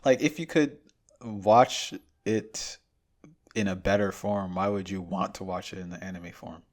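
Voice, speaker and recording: A man's voice: sits low, fairly even intonation, unhurried. A man co-hosting a podcast in casual chat, playful and teasing, often laughing. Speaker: podcast co-host.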